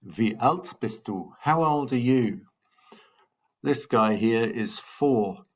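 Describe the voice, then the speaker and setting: A man teaching a recorded German lesson, drilling numbers slowly and patiently with cheerful encouragement to his pupils. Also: mid-range voice. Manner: slow, patient drilling with repeated counting. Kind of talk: recorded language lesson for children.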